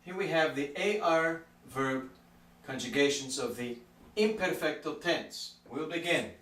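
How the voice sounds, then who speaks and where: A man's voice: a little high, measured pace, a bit bright. A man teaching a language grammar lesson, patiently drawing out the example words. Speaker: Spanish teacher. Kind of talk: explanatory lesson. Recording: echoey room from far off.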